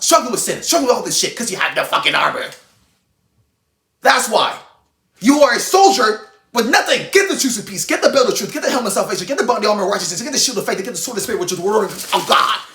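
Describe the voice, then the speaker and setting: A man delivers a heated, informal sermon, blunt and profane. His pitch swings widely as he presses each point, and the voice rings in a roomy, echoing space. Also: very animated, fast talker, bright, forceful tone. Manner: intense, blunt, swears freely. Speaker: online Christian preacher. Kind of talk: fiery informal sermon to camera.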